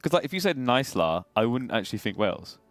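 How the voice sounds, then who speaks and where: A man's voice: mid-range voice, big pitch swings, rapid-fire, dry recording. A man casting on an esports live stream, chatting casually in a jokey, rambling way. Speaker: esports caster.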